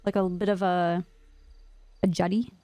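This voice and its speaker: A woman's voice: lowish voice, a little slow, no echo. A woman streaming a roleplay game, telling a story in character in a casual way, full of "like" and swearing. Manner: animated, lots of "like", frequent swearing.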